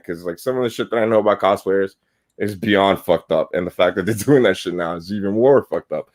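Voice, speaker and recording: A man's voice: lowish voice, fast talker, darkish tone. A man hosting a podcast, ranting heatedly and swearing constantly in casual talk. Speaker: podcast host.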